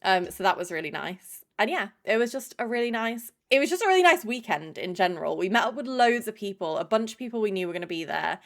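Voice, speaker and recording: Young woman streamer, casual and chatty, swears a lot, mid-pitched voice. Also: lively intonation, fast talker, few pauses, a bit bright. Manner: chatty, swears freely, greets chatters by name. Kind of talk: casual live-stream chat.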